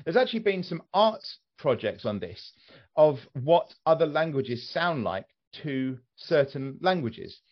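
Male, casual podcast chatter, animated and sweary, fairly high voice, slightly muffled audio. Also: a little slow.

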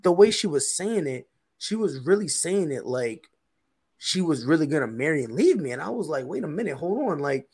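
A man's voice: a little high, very animated, normal speed, darkish tone, slightly rough. A man co-hosting a podcast, telling a story in a casual, slangy way and often repeating himself. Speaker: podcast co-host.

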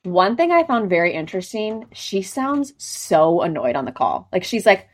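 A woman's voice: mid-range voice, big pitch swings, normal speed, hardly any pauses. A woman co-hosting a podcast, telling a story in casual chat with lots of filler words. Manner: chatty, storytelling, many filler "like"s. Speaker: podcast co-host.

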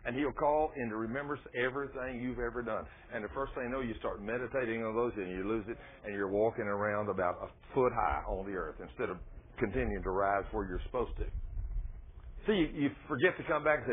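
A man's voice: lowish voice, fairly quick, a little hiss or hum. A man preaching a folksy, emphatic sermon and reading from scripture. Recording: tinny phone-like radio broadcast.

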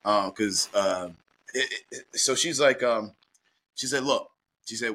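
A middle-aged man from Baltimore, a guest telling a personal story in a lively, anecdotal way, acting out the dialogue. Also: fairly low pitch, a little slow, pauses often. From Baltimore, USA.

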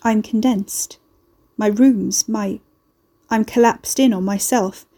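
A bulky, earnest house come to life as a man, voiced by a woman, speaking in a slow, deep and scratchy voice. The tone is mellow and dark rather than bright. It sounds halting and a little lost, like an audiobook creature. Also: steady tone. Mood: bewildered. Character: bulky old house in male human form, earnest.

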